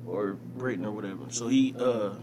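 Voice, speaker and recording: A man in casual banter with a friend, animated and laughing, swearing freely. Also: fairly low pitch, a little fast, a crowd in the background.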